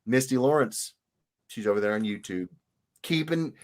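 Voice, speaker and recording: A man hosts a relaxed livestream, chatting casually with viewers. His voice leaps up and down all the time, and he greets each commenter in a playful sing-song. He sounds animated and chatty. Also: medium pitch, normal speed. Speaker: livestream host, illustrator.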